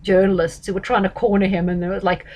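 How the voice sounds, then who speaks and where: A woman talks through an astrology reading in a loose, chatty way. She is emphatic and animated, and she often stops to correct herself and fills pauses with ums. Her pitch sits in the middle of the usual range for a woman. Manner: chatty and emphatic, with frequent fillers and self-corrections. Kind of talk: casual astrology commentary.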